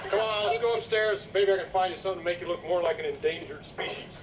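Brief: a jolly, playful sitcom man in costume, high lively voice, mock-formal, noisy old TV clip. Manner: cheerful, mock-formal wording.

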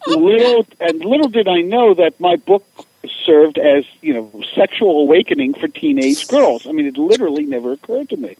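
A man's voice: high-pitched, moderate pace, gravelly, muffled recording, a little hiss or hum. A middle-aged man telling funny stories as a guest, acting out other people's voices as he goes. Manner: animated, acts out voices in anecdotes. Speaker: guest, author. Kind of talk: casual storytelling.

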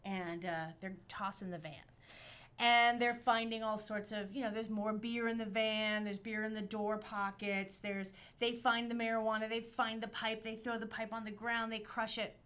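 A woman on a podcast telling a story in casual chat, animated and profane, acting out the quotes. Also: on the high side, normal speed, smooth. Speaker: podcast guest.

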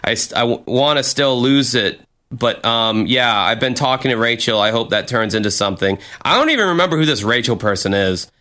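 A man's voice: mid-range voice, animated, brisk, bright, forceful tone. A young American man reading his old journal aloud with a friend, self-mocking and swearing freely. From United States. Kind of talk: casual chat reading aloud.

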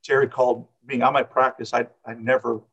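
A man's voice: medium pitch, little pitch movement, brisk, fairly bright tone, breathy edge, lo-fi sound. A middle-aged man who coaches, telling a personal story in an interview, rambling and repeating words with many fillers.

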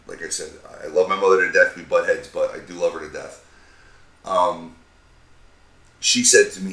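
A man in his thirties, a podcast co-host, telling a profane, animated story with acted-out quotes. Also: low voice, far from the mic. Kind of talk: casual storytelling chat. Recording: roomy sound, a bit off-mic.

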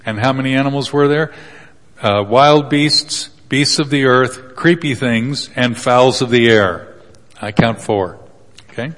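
A man preaching a sermon, loose and joking as he walks through a Bible passage and slips into quick character voices. His voice sits at an ordinary middle pitch. It rings out with a long reverb, as in a big hall. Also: fairly bright tone. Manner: joking, conversational Bible teaching with acted quotes.

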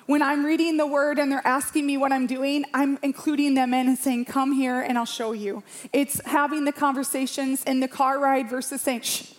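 A woman's voice: high voice, flat delivery, brisk, few pauses. A woman around forty, a pastor, preaching a sermon to a church congregation in a passionate, emphatic way, repeating phrases for rhythm.

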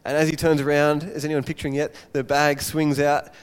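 Man, preacher, slightly high voice, animated storytelling, sermon, long hall reverb. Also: brisk, clear, resonant tone. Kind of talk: Father's Day sermon with storytelling.

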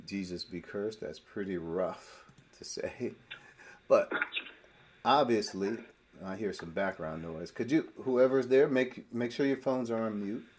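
A man leading a Bible study to listeners on a group call, emphatic, asking rhetorical questions and swinging between loud and quiet. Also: lowish voice, unhurried, husky. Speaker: Bible teacher.

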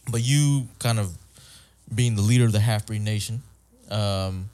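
Low-voiced man rambling through podcast chat. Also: measured pace, darkish tone. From Guam. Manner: rambling, hesitant, swears casually. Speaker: podcast host.

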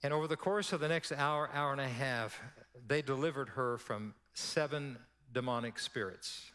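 A man, preaching a sermon as pastor and telling stories in an animated way. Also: mid-range voice, normal speed, clean tone, big-room sound. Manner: storytelling, animated, drops to a hush for quoted prayer.

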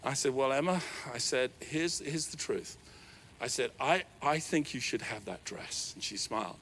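A middle-aged man with a New Zealand accent, preaching a sermon in a church hall. He tells a personal story in an animated, self-deprecating way. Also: medium pitch, normal speed, slight background noise. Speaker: pastor.

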